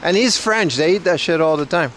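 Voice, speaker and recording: A man's voice: a little high, animated, brisk, a bit bright, slight background noise. A man casually chatting with his livestream viewers while walking outdoors, loose and slangy. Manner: loose slangy banter, reads chat. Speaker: IRL livestreamer. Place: outdoors on city streets.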